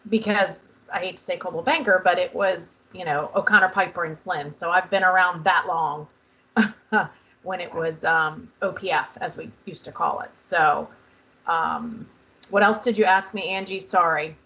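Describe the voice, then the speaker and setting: Hesitant, modest fifties woman, bright lowish tone, video call. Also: steady tone, normal speed, low-quality recording. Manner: hesitant and modest, many ums. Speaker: real estate agent. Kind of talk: video call panel interview.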